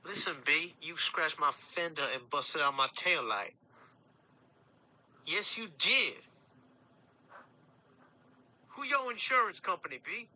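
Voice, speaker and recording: A confrontational, angry driver, voiced by a man for a prank call recording, heavy with street slang. His voice is very bright and a bit high. It comes through a speaker, played back into the room. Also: lively intonation, slow pace, long pauses, full character voice, rough recording. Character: angry man whose car was hit.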